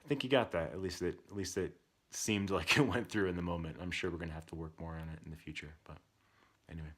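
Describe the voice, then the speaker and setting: A man with a very low voice tells a parenting story in a relaxed, candid way. He reflects openly as he talks. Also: quick pace, slightly rough. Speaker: podcast host. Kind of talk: casual storytelling.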